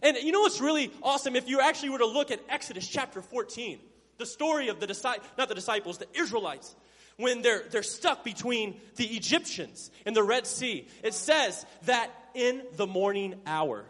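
Guy preaching in a big echoey church, highish voice, gets loud then real quiet. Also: animated, moderate pace. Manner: preaching, swinging from loud emphasis to hushed low tones; acts out Bible characters' lines in playful voices. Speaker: pastor. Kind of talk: sermon.

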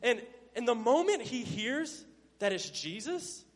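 With a sing-song lilt at a measured pace, the high-pitched pastor preaches, veering between loud emphasis and hushed asides. Bible figures' lines get playful performances, and a long hall reverb hangs on the sound.

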